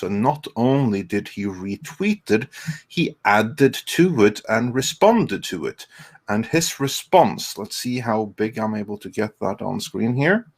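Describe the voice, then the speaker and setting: A man hosting a live-stream panel discussion, talking conversationally and thinking aloud as he leads the talk. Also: mid-range voice. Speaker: show host.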